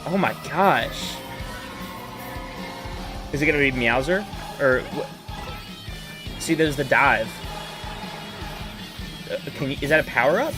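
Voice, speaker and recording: A man's voice: mid-range voice, moderate pace, pauses often. Young guy streaming from his room, freaking out over a trailer, faint music playing. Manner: excitable, loud bursts of hype and laughter. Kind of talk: live reaction stream. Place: home room.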